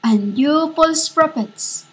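Slow, high-voiced woman preaching fervently. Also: animated. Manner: halting, repetitive, speaks as a divine voice. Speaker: self-styled prophet. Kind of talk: fervent prophetic declaration.

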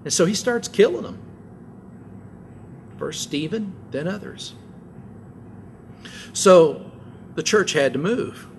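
An older man preaching a sermon as pastor, telling stories in a relaxed conversational way with asides. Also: sits high, slow pace, pauses often, slight background noise.

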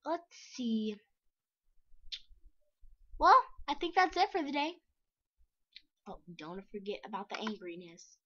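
A high, lively young woman chatting sarcastically and excitedly through a casual screen-recording vlog. She drawls along slowly, now and then slipping into whispers. The mic sounds dull and lo-fi, with mouse clicks behind her. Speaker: vlogger.

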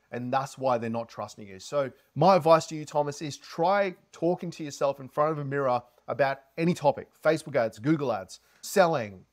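A man coaching on sales, talking to camera with lots of inflection and energy. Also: mid-range voice. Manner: animated, heavy inflection, energetic. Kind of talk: casual advice talk to camera.

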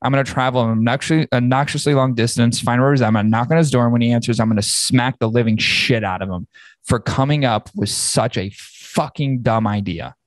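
A man's voice: medium pitch, steady tone, brisk, dry recording. A man hosting a podcast, ranting angrily and swearing heavily. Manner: profane, angry ranting. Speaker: podcast host. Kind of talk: casual podcast rant.

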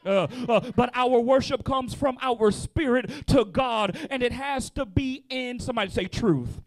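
A male pastor with a high voice preaches with rising passion. He moves from calm, even teaching into shouted and half-sung exhortation, repeating key lines. The sound is close and dry, with almost no room echo. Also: a little slow. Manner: sings out some phrases, repeats lines for emphasis. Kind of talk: sermon.

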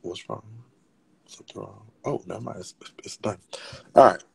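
A man hosting a casual gossip livestream, talking in a sassy, chatty, profane way with a raspy voice. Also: on the low side, moderate pace. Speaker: livestream host.

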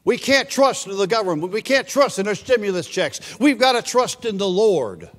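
A man's voice: high-pitched, sing-song, moderate pace, fairly bright tone. A male preacher giving a sermon, emphatic and repeating his scripture references, in a church sanctuary. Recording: long church reverb.

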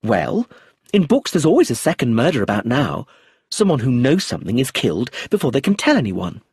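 A man's voice: medium pitch, wildly swooping pitch, fairly quick, a little mellow, husky, no room sound, clean studio sound, pitched above the performer's own voice, exaggerated voice. A man voicing a precocious girl who knows her detective stories, speaking eagerly. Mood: knowing.

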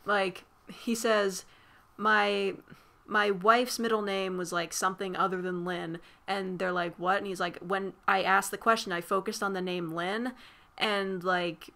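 Casual woman vlogger, bright tense tone, loose rambling delivery full of "like" and cursing. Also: medium pitch, steady tone, unhurried, gravelly. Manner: rambling, filler-heavy, swears freely. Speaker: movie recap vlogger. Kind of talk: casual spoiler recap.

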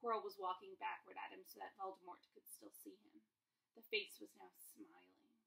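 A woman reading a novel aloud with expressive storytelling. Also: medium pitch, brisk, creaky. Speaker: reader. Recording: distant mic.

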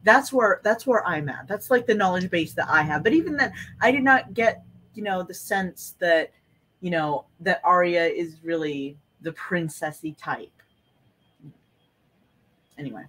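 A woman's voice: on the low side, animated, a bit bright, breathy edge, low-quality recording. A woman streamer reading fan fiction aloud and chatting casually, often stopping to question the wording. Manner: chatty, quick to question and laugh along. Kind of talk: casual reaction chat.

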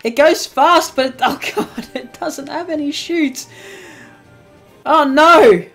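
A woman hosting a let's play, commenting on the game in an excitable way and laughing often. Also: high-pitched, takes it slowly, soft background music. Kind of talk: gameplay commentary.

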